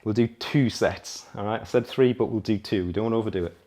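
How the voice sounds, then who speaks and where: A man's voice: lowish voice, fast talker. A man coaching a workout, counting reps aloud and often checking in with the listener. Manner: energetic coaching, often while exercising. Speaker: fitness coach. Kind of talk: workout instruction.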